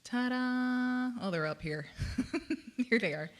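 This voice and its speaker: Slow-talking, chatty woman ukulele teacher. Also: on the high side, lively intonation. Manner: chatty, laughs often, self-deprecating. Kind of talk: live-streamed music lesson. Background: her own ukulele playing.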